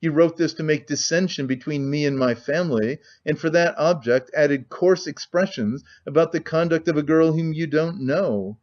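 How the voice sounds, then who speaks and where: A bitter, scornful young man, as a male reader puts him on speaks in sharp, cutting terms. The voice is somewhat high. The recording sounds dull and lo-fi. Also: normal speed, hardly any pauses, natural voice.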